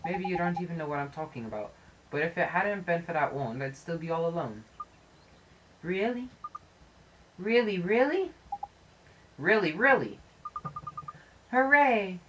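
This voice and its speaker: A woman doing a high, eager little spirit girl. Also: sing-song, measured pace, pauses often, a little hiss or hum, rough recording. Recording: game music playing under the voice.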